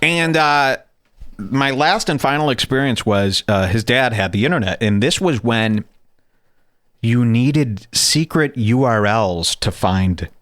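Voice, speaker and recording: A male podcast host whose voice swings widely in pitch as he spins crude, jokey stories. His voice sits at a middle pitch. It is recorded close and dry, with no room sound. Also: slow, dry recording. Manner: animated, profane, jokey storyteller. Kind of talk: casual storytelling chat.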